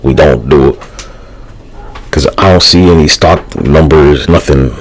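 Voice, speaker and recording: A man's voice: very deep voice, measured pace, breathy edge, poor audio. A man live streaming, rambling loosely in a casual, profane, slangy way. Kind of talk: rambling casual livestream talk.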